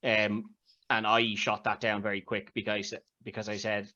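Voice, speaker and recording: A man co-hosting a podcast, steering the chat with relaxed ums and uhs. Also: fairly low pitch, moderate pace, dull audio. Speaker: podcast co-host. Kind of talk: casual chat, running a segment.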